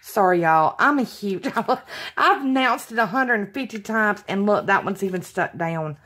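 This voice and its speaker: A woman's voice: mid-range voice, lively intonation, a little slow, a bit bright. A woman from Alabama, chatting giddily and gushing as she unboxes craft supplies. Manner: gushing, giddy, laughs often, apologetic. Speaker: craft vlogger. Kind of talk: unboxing vlog chat.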